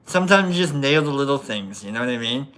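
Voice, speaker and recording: A man's voice: medium pitch, animated, quick pace, a bit bright. Rambling joking man from Nebraska. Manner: joking, self-deprecating, often drops to a mumble. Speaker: host of a mushroom-growing livestream. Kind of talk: rambling casual livestream chat.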